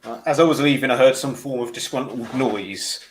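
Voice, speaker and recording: A man's voice: medium pitch, fairly quick. A man co-hosting a live football watchalong, chatting in a wry, joking way that often restarts mid-sentence. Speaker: co-host of a fan channel watchalong. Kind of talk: casual live match chat.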